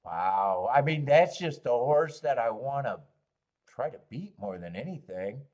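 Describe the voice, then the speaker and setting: A man's voice: medium pitch, animated, measured pace, darkish tone. A man hosting a live horse racing stream, rambling and joking while greeting viewers in chat.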